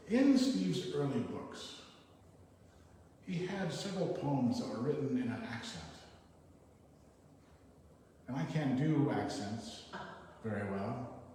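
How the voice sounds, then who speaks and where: A man's voice: medium pitch, mellow, a little hiss or hum. A man reading poems aloud to an audience, introducing each one briefly before reciting it. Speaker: poetry reader. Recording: echoey hall picked up from far off.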